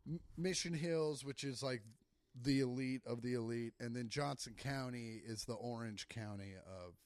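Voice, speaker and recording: A man's voice: mid-range voice, normal speed, no echo. A man from the Kansas City area, a comedian guest on a podcast, swearing and laughing through casual chat. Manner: loud and laughing, swears often, acts out quotes.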